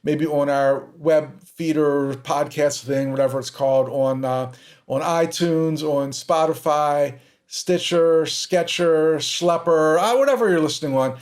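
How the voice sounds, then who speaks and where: A man's voice: on the high side, steady tone, a little slow, darkish tone. A man hosting a podcast, commenting on recorded calls with sarcastic, exasperated asides. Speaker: podcast host.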